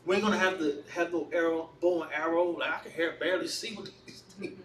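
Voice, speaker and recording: A man leading a casual Bible study, animated and storytelling, often repeating himself. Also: fairly high pitch, fast talker, a crowd in the background. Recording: echoey room, mic far off, faint noise.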